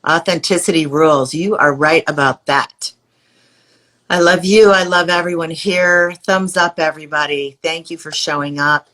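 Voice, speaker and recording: A woman's voice: deep voice, fairly even intonation, moderate pace. A woman hosting a live video stream, speaking effusively and inspirationally to a guest and her viewers. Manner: effusive, warm-hearted, inspirational. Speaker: host. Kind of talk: live-streamed casual chat.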